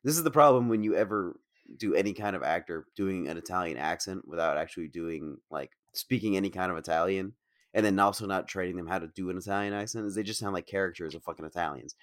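A man's voice: low voice, fast, dry recording, clean studio sound. A man co-hosting a podcast, chatting casually about movies in a blunt, critical way and swearing freely. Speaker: podcast co-host. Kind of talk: casual film discussion.

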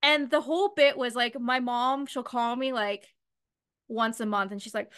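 Podcast host, young woman from Canada, clear bright tone, animated storyteller who swears constantly. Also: a little high, moderate pace. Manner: swears freely, acts out her mom in animated bits. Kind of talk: casual podcast chat.

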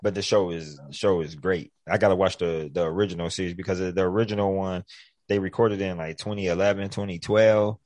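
Man, very deep voice, profane, rambling casual chat, dry close sound. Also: fairly even intonation, fairly quick, darkish tone, no echo. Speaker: podcast co-host. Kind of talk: casual chat about TV shows.

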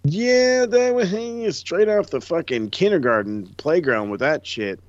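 Profane, animated man with a dull lo-fi sound. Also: fairly high pitch, a little slow, no echo. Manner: animated, profane, acts out quotes. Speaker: podcast co-host. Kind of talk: casual wrestling chat. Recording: dull lo-fi dry mic.

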